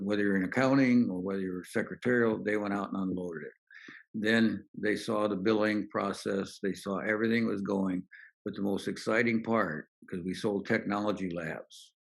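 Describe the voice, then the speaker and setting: An older man with a lowish, creaky voice appears as a guest on a podcast, a business author answering interview questions with stories. Relaxed and anecdotal, he acts out the lines of the people he quotes.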